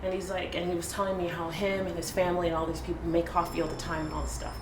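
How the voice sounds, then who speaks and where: A woman from Jamaica telling a painful personal story in an earnest, halting way, with many restarts. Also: fairly low pitch, little pitch movement, background noise. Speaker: business owner telling her story. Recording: roomy echo.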